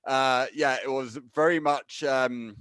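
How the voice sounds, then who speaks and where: A man's voice: medium pitch, fairly even intonation, slow, fairly bright tone, clear, resonant tone, no room sound. A British man co-hosting a podcast in casual, joking chat, talking through a sore mouth after having a wisdom tooth out. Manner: joking, laughs often. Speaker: podcast co-host.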